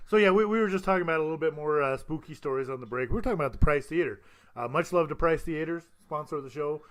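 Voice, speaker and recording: Bright-voiced podcast host man. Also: fairly high pitch, fast talker. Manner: joking, laughs often, many fillers. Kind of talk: casual podcast banter.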